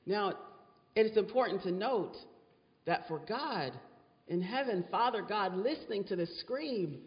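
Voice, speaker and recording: A man's voice: high voice, animated, unhurried. A man preaching a sermon as a pastor, dramatic and repeating words for effect. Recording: dull sound with long hall reverb.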